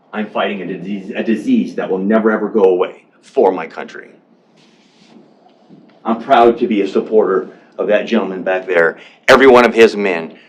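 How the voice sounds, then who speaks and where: A man with a lowish, slightly rough voice addresses a county board meeting during public comment. He is a veteran and business owner, and he sounds emotional and defensive, circling back to repeat himself and restarting his sentences.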